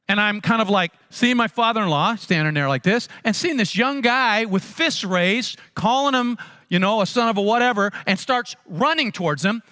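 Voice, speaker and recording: Pastor guy telling a funny story, high-ish bright voice, animated and self-mocking. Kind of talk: humorous sermon storytelling.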